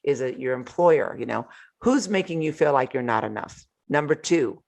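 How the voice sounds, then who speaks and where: An older woman hosting a live motivational talk from home, animated and playful, laughing often between remarks. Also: rumbling low, normal speed, creaky. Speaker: host.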